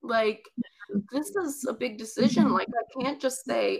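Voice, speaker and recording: A woman's voice: a little high, measured pace, creaky, husky, low-quality recording. A woman telling a personal childhood story in conversation, chatty and rambling with many asides.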